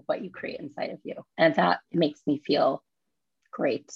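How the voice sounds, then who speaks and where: A woman guest chatting casually and quickly, full of "like" and fillers. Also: low-pitched, steady tone, creaky, breathy edge, no room sound, muffled recording. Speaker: guest, studio owner. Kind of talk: casual chat.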